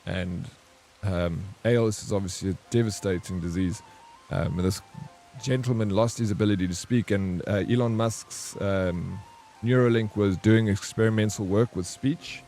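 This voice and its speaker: A young man, chatting casually and excitably with his stream viewers, rambling between topics. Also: on the low side, normal speed, soft background music. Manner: rambling, excitable, says bro a lot. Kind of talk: casual chat with live chat.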